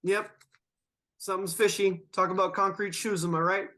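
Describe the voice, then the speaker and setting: A man's voice: high voice, steady tone, sharp tone. Rambling, stoned man hosting a podcast. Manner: rambling, drawn-out, laughs often. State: stoned and yawning. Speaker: podcast host. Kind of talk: casual podcast chat.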